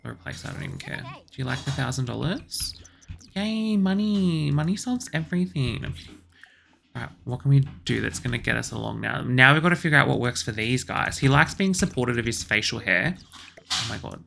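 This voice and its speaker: A woman's voice: rumbling low, sing-song, fairly quick, creaky, a bit bright, slight background noise. A woman giving let's play commentary, exasperated and bossing her game characters around as she talks to herself. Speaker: gaming channel host.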